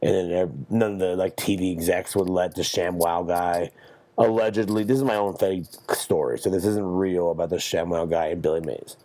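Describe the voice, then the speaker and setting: A man's voice: deep voice, steady tone, normal speed, warm tone. A young man hosting a solo podcast, rambling and swearing through a jokey, meandering monologue. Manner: profane, meandering, jokey storytelling. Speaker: podcast host.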